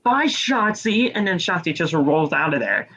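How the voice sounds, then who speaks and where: A man co-hosting a podcast, casually recapping a wrestling show with rambling play-by-play and quick impressions. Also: on the high side, lively intonation, very noisy. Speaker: podcast co-host.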